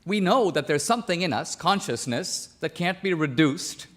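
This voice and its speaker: Debater, male, from India, fairly high voice, pushes his case hard on a big stage. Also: expressive, moderate pace, a bit bright. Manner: pressing, argumentative, quotes opponent's words back. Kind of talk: formal debate argument. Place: large auditorium stage.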